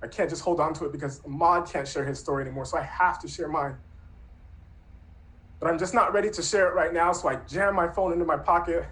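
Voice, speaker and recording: A man in his thirties recounts a true personal story. He speaks earnestly and reflectively, in a conversational manner, with a somewhat high-pitched voice. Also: steady tone, fast talker, a bit bright, poor audio. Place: Brooklyn.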